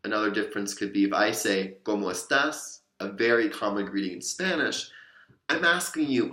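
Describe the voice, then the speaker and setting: A man's voice: medium pitch, moderate pace, a bit bright, reverberant. A young man teaching a Spanish lesson, explaining patiently with examples and asking the listener to repeat after him. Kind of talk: spoken language lesson.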